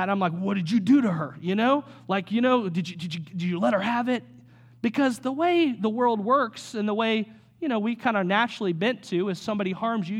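A man in his thirties, a pastor, preaching a sermon in an energetic, conversational way with rhetorical questions. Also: high voice.

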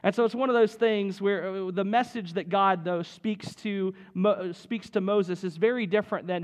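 A man's voice: high voice, steady tone, normal speed, few pauses. A man preaching a sermon in a conversational way, often checking in with "right?" as he reads and explains scripture. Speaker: pastor.

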